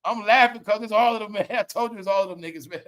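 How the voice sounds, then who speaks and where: A commentary livestream host with a high, fairly bright voice talks quickly and casually. He's slangy and profane, laughing often as he tells stories.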